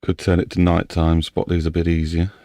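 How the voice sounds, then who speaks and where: Low gravelly man, out of breath. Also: monotone, brisk, dark tone, no echo, clean studio sound. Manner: muttering and thinking aloud to himself. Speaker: game map modder. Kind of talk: casual commentary while building a game map.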